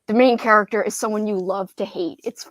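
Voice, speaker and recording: A woman's voice: mid-range voice, steady tone, fairly quick, no room sound. A young woman hosting a casual book livestream, chatty and giggly, reading viewer comments aloud. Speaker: booktube livestream host.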